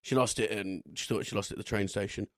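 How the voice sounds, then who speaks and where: A man's voice: fairly low pitch, fairly even intonation, fast, a bit bright, no room sound, clean studio sound. Chatty man with funny anecdotes. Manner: chatty anecdotes with comic voices. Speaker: podcast co-host. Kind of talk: casual chat.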